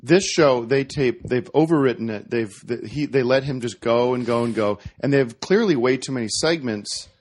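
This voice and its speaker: Guy on a podcast telling a story, middle pitch, lots of restarts and self-corrections. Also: normal speed, hardly any pauses. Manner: animated storytelling with many restarts. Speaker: podcast guest. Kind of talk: casual podcast chat.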